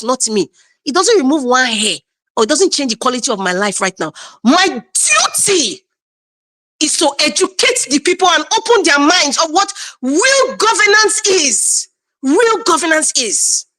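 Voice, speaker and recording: A Nigerian woman appearing as a panel guest on a live stream gives passionate political commentary, emphatic and repeating lines for stress. Her voice is very high-pitched with a sharp tone.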